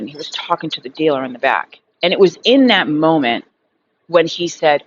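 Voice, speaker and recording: A woman in her thirties rambles through a personal story in a frank, unfiltered way, swearing freely and leaning on fillers as she talks. Her voice sits a little low. The recording is slightly dull and lo-fi, with a faint hiss underneath. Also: animated, quick pace. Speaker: recovery vlogger. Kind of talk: casual storytelling monologue.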